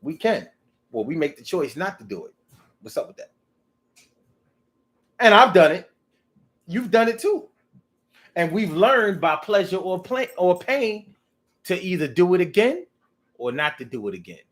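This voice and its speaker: High, lively-voiced man ranting casually. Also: a little slow, long pauses. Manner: animated, profane, rambling. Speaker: vlogger. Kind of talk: casual monologue.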